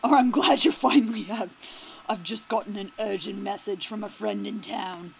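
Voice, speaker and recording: A woman voicing a young male outlaw bringing urgent news, in a brisk, raised reading. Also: medium pitch, creaky, a crowd in the background, natural voice.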